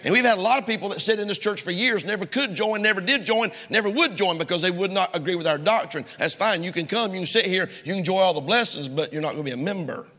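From the pulpit of a church sanctuary, a male pastor preaches with an emphatic, repetitive cadence, and long hall reverb fills the recording. His voice is high and sharp, and he speaks fast with few pauses.

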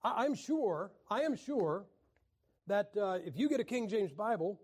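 High-voiced joking Bible class teacher, man. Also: sing-song, measured pace, a little mellow. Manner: wry, clears throat often.

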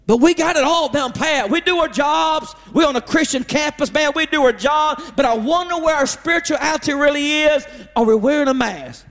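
High-voiced, gravelly man preaching passionately. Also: normal speed, few pauses, big-room sound. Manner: impassioned, repetitive, swings between shouting and hushed pleading. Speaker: preacher at a revival. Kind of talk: sermon. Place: church auditorium.

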